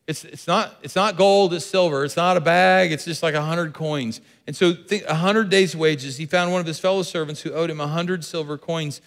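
A man's voice: high-pitched, fairly bright tone, in a large hall. A man preaching a sermon as pastor, earnest and repeating key phrases for emphasis.

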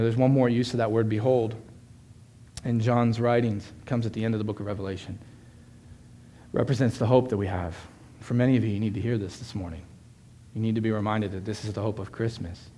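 A man preaching a Christmas morning sermon. His delivery swings from loud, ringing proclamation to soft, close confiding, and he acts out the people he quotes by raising his pitch. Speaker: pastor.

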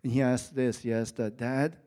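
A man's voice: mid-range voice, level tone, moderate pace, mellow. Male pastor, middle-aged, sermon delivery, storytelling with emphatic climbs. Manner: storytelling, rising to emphatic peaks. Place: church with an audience.

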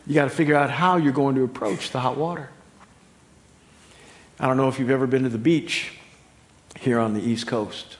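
A middle-aged man preaching a sermon, animated and humorous, swinging from loud high exclamations to quiet, low emphasis. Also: normal speed, pauses often, slight background noise. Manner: humorous, laughing at own stories. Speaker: pastor.

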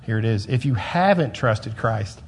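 A male pastor preaching a sermon, emphatic, repeating phrases and swinging between loud and soft. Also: lowish voice, expressive, a little slow, husky.

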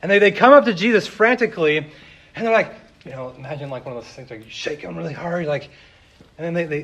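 A man's voice: a little high, expressive, fairly quick, gravelly, a bit bright, lo-fi sound. A man preaching a sermon, retelling a story in a casual, chatty way with many fillers. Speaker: pastor.

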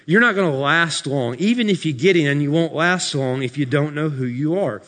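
A pastor preaching a sermon to his congregation, building to shouted peaks and dropping into dry, sarcastic asides. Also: fairly high pitch, animated, moderate pace. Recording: live sermon in a reverberant hall.

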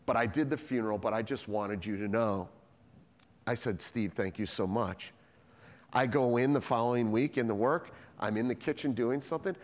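A man gives a sermon as pastor, animatedly telling stories and voicing all the dialogue himself. He speaks at a moderate pace in a medium pitch, with a long reverb tail.

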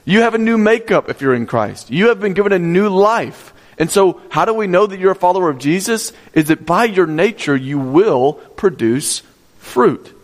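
A man's voice: high voice, lively intonation, normal speed. Man preaching in a reverberant hall. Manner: teaching, asks the audience questions and repeats key points. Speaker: pastor. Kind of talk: sermon.

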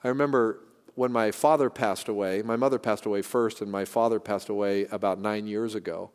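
A middle-aged man from the San Francisco Bay Area, preaching a sermon in a church in an earnest, conversational way, pausing and restarting as he speaks. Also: on the low side, fairly even intonation, a little mellow. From San Francisco Bay Area, California. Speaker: pastor. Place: church sanctuary. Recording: long hall reverb.

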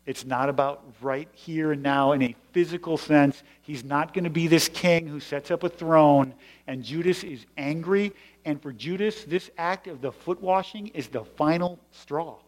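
A man's voice: on the high side, normal speed. A male pastor giving a sermon in a conversational, explanatory way with emphatic stresses. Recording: long hall reverb.

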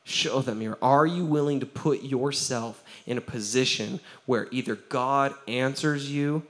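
A man, a pastor giving a lively sermon, acting out the quotes he tells and laughing often. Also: medium pitch, a little slow.

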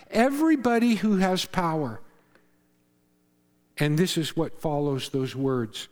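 A man's voice: lively intonation, measured pace, long pauses. Earnest preaching man in echoing hall. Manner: earnest, swings from loud emphasis to hushed low tones. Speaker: pastor. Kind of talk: sermon. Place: church sanctuary.

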